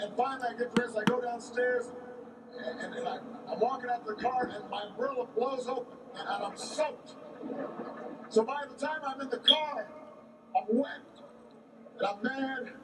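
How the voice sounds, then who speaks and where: Man telling a rally story from a distance. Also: extremely high pitch. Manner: halting delivery with many repeated words. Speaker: political candidate. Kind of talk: campaign rally speech, storytelling. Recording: echoey, distant mic, background noise.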